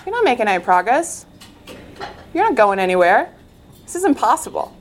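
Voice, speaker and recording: A woman's voice: fairly high pitch, very animated, a little fast, a little hiss or hum. A woman voicing a male devil who whispers taunts as a tempter in a story she tells. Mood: taunting.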